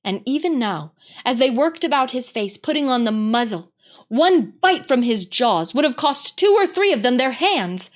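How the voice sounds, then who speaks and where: A woman narrating a storybook read-aloud in an expressive, dramatic way. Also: sits high, normal speed.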